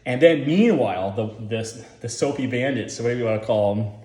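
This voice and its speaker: A man's voice: medium pitch, animated, a little fast, mellow. Guy rambling through a commentary, swears a lot, says like constantly, echoey room. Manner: rambling, profane, full of filler words. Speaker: commentary host.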